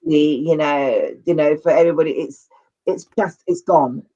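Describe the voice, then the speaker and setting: A man's voice: on the high side, brisk, mellow. A man speaking as an interview guest on men's mental health, earnest and rambling, often repeating himself. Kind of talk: casual conversational interview. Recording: dull lo-fi audio.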